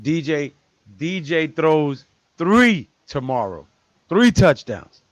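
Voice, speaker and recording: A man's voice: fairly high pitch, big pitch swings, slow pace, dry recording. A man on a sports podcast panel, speaking in a casual, slangy way.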